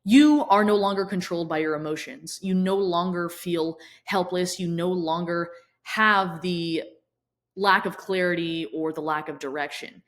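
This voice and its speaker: A woman with a notably low, deep voice speaks straight to camera as a fitness and mindset coach. Her delivery is blunt tough love, peppered with swearing as she presses her point home. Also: a little slow. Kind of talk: direct-to-camera motivational talk.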